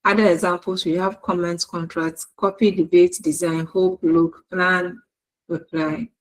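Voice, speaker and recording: A woman lecturer with a Ghanaian English accent, giving a recorded university lesson in a slow, deliberate way and repeating her examples word by word. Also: lowish voice, level tone, rough recording.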